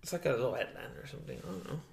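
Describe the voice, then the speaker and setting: A young man chats on a podcast in a gravelly voice, rambling through stories with plenty of fillers and swearing. His voice bounces around an echoey room, and his pitch sits in an ordinary middle range. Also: very fast. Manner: loose, profane storyteller with many fillers and "dude". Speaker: podcast host. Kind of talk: casual chat.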